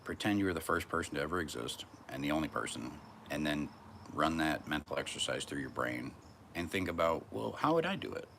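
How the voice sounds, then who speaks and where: A man's voice: extremely low pitch, a little fast, fairly bright tone, slight background noise. A man vlogging from a back porch outdoors, talking in a brash, profane, rambling monologue.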